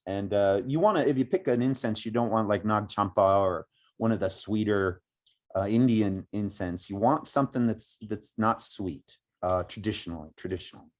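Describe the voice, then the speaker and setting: A middle-aged man teaching meditation outdoors, explaining slowly and reflectively with many pauses and restarts. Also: on the low side, a little mellow. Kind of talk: spoken meditation instruction. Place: outdoors by woods.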